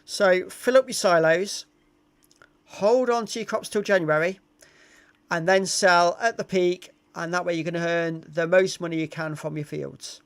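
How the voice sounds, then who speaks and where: A man's voice: high voice, a little slow, smooth. A middle-aged English man chatting casually on a live stream, reading out viewer comments with frequent ums and uhs. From England.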